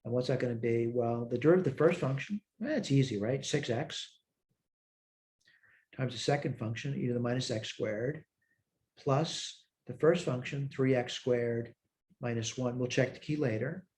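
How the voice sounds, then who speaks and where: A man with a medium-pitched, slightly mellow voice speaks at a moderate pace, sounding tired. He's a math instructor in a recorded lecture, thinking out loud over problems, correcting himself and answering his own questions.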